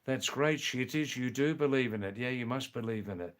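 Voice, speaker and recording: A man's voice: mid-range voice, brisk. A middle-aged man from Australia, hosting a casual livestream and talking back to viewers, emphatic and repeating his key points. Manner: emphatic, repeats key phrases, frequent ums. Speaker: livestream host.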